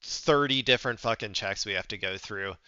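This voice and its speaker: A man streaming and reacting to news clips with blunt, sarcastic, profane commentary, often breaking into loud laughter. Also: lowish voice, a little fast, smooth, dry recording, highs cut off.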